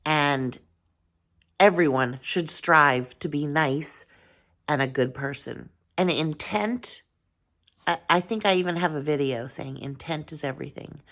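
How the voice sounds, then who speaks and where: A woman's voice: low voice, a little slow, a bit bright. A woman vlogger talking casually to her viewers, earnest and rambling, thinking aloud with frequent restarts and filler phrases. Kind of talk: casual talk to camera.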